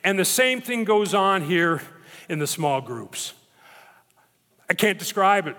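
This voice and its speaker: A man preaching a sermon as pastor, emphatic and dramatic, slowing down to stress repeated phrases. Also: high-pitched, animated, pushed and bright. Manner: emphatic, dramatic retelling with slow stressed repetitions. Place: church sanctuary. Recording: long reverb of a church hall.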